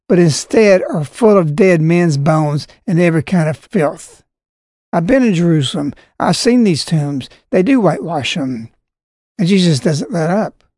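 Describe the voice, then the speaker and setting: A man delivers preachy religious commentary in an emphatic voice. He slows right down to hammer home each scripture quote. The sound is dry and close, with no room around it. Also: sits high, a little mellow, no echo.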